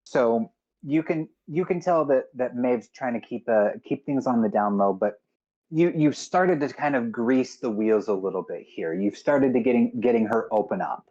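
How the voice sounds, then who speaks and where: A man running a tabletop game as game master, relaxed and repeating words as he narrates, on dull lo-fi audio. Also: medium pitch, moderate pace.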